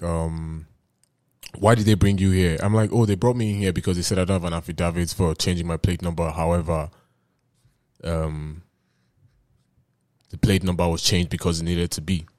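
A man's voice: deep voice, steady tone, normal speed, a little mellow, no echo. A man with a Nigerian accent, hosting a podcast and telling a story in a casual, laughing way. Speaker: podcast host.

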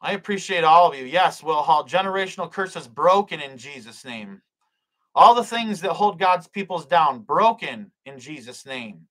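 Livestream preacher, male, bright forceful voice, fervent and repetitive, stumbles over words. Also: fairly high pitch, expressive, normal speed, rough recording. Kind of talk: live-streamed prayer and preaching.

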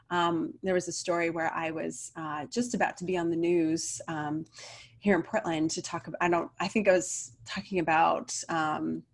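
Woman rambling on about spirit stuff, kinda low voice, earnest and chatty. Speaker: spiritual coach and oracle card reader. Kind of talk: casual spiritual vlog talk. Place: home video setup.

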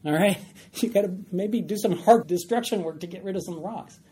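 Teaching a Bible study, this man speaks at a moderate pace in a high-sitting, dark voice. He keeps it conversational and regularly asks the group "all right?", with faint noise in the background.

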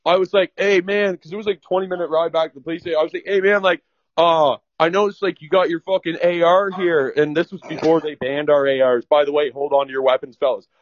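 Young guy, higher voice, swears constantly, rambling storyteller, dry close sound, slightly dull audio. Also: fairly even intonation, fast talker, dry recording. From Ontario, Canada. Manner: profane, rambling, laughing. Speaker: guest telling a story. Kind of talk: casual storytelling.

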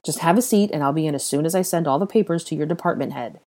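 A woman's voice: low-pitched, quick pace, a little mellow, lightly acted. A woman reading aloud, voicing a blunt young wizard investigator who speaks firmly and presses for answers. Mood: stern. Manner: firm, blunt and demanding.

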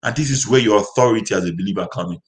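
A man's voice: on the low side, racing, low-quality recording. A man preaching a sermon, speaking in emphatic, repetitive declarations.

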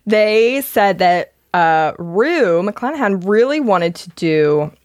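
A woman's voice: mid-range voice, animated, slow, darkish tone, no echo, clean studio sound. A woman with a Philadelphia accent co-hosting a podcast, chatting casually with lots of fillers and laughs. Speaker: podcast co-host. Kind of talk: casual chat.

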